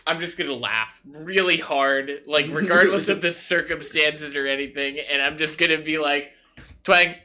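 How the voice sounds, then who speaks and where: A man playing a tabletop game, excitable, laughing often and swearing casually. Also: fairly high pitch, normal speed, few pauses. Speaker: player.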